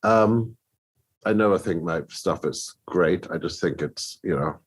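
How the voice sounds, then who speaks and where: A man's voice: sits low, a little slow, husky. A middle-aged man, a composer, telling stories in a podcast interview, restarting his sentences and acting out other people's reactions. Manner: animated storyteller, many restarts, acts out others' reactions. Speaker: film composer, guest.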